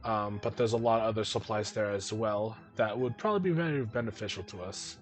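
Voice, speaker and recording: A man's voice: lowish voice, fairly quick, soft background music. A man running a tabletop game as game master, narrating scenes casually with lots of fillers.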